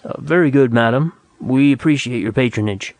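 A man's voice: medium pitch, moderate pace, darkish tone, dry recording, lightly acted. A man voicing a lazy, sly young clerk in a storybook reading, talking in a casual, offhand drawl.

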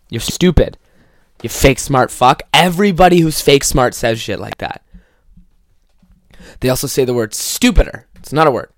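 A man's voice: a little high, moderate pace, no room sound, clean studio sound. A young man hosting a podcast, ranting casually with lots of swearing and mocking impressions of people he quotes. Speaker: podcast host. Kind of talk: casual comedic rant.

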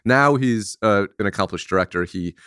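A man with a low voice co-hosting a podcast. He chats casually, rambling with many restarts and fillers. The sound is close and dry. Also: moderate pace, sharp tone, smooth, no room sound. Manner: rambling, lots of likes and restarts. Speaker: podcast co-host. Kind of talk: casual chat.

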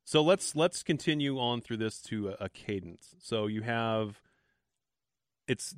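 A man hosting an interview podcast, asking measured questions that he often restarts. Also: on the low side, no room sound, clean studio sound. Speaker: podcast host.

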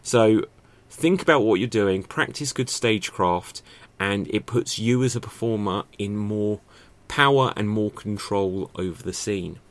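A man with a fairly low voice teaches acting in a loose, chatty way. He keeps asking rhetorical questions and thinks out loud, with plenty of fillers along the way. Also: a little slow, few pauses. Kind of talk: casual spoken lesson to camera.

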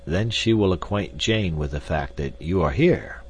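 A man's voice: sits low, lively intonation, unhurried, darkish tone, slight background noise. A man reading an audiobook, voicing a fussy, absent-minded old male professor who clucks "tut, tut". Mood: mild.

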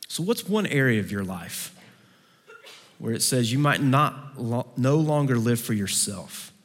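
A man preaching a sermon to a campus gathering, swinging between fervent raised passages and hushed, pleading ones. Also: medium pitch, big pitch swings, a little slow. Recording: long hall reverb.

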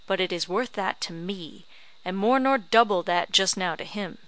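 Woman reader as a cunning old farm crone, tart, bargaining, bright-edged. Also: medium pitch, normal speed, dry recording, lightly acted. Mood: tart haggling. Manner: sharp, bargaining, scornful. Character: shrewd old backwoods woman, tart and haggling. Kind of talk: audiobook character reading.

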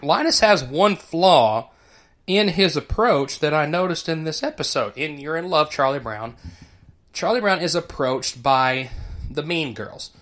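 A man's voice: a little high, lively intonation, measured pace, a bit bright. A man, an educator, giving casual commentary in an explanatory, teacher-like way, chuckling now and then.

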